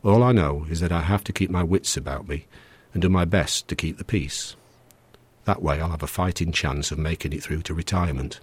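A man's voice: low-pitched, a little fast, breathy edge. A man voicing a nervous middle-aged husband who talks in an anxious, fretful way.

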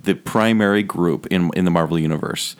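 A man in a relaxed podcast conversation, laying out his opinions plainly and at length. His voice sits on the low side. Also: brisk, clean tone. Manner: opinionated, talkative. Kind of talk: casual podcast chat.

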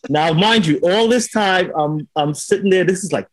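A man in casual chat, telling a story in an animated way and acting out the lines of the people in it. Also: sits high, normal speed, no room sound, rough recording. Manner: animated storytelling, acts out quotes with swearing.

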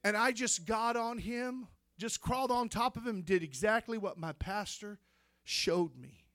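A male preacher tells his testimony with fervent, building energy. His voice sits high for a man. The sound is dry and close, with no room echo. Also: a little slow. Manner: fervent storytelling, rising to shouts. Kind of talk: sermon testimony.

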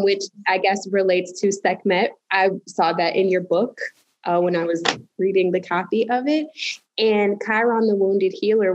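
A woman's voice: fairly low pitch, dull audio. Effusive woman in casual conversation. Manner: warm, effusive, quick to well up. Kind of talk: casual chat.

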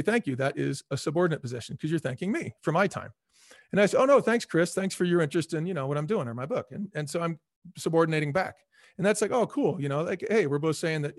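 A man speaking as a guest in a casual interview, telling stories with lively acted-out dialogue. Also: on the high side, dry recording, studio quality. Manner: animated storyteller, acts out quoted dialogue. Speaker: former restaurant chain CEO, guest.

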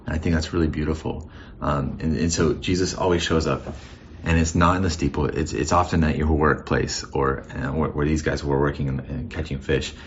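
A pastor with an exceptionally deep, low voice gives a casual, thoughtful sermon, circling back and restarting his phrases as he goes. The recording sounds muffled and lo-fi, with a faint hum of ambience underneath. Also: steady tone, a little fast. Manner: conversational and reflective, with frequent restarts.

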